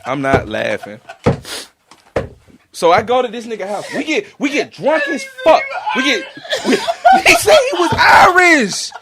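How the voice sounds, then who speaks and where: In a loose chat among friends, a young man holds the floor with a high voice that climbs and drops all over the place. He is profane and animated, and laughter keeps breaking into his stories. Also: measured pace, gravelly, very noisy. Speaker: podcast co-host.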